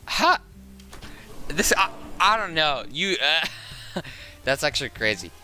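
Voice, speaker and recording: Bright-voiced Southern streamer, rambling and chatty. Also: male voice, a little high, sing-song, takes it slowly, faint music behind. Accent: Southern American. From Southern United States. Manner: rambling, chatty, laughs often. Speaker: game streamer. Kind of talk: casual live-stream chat.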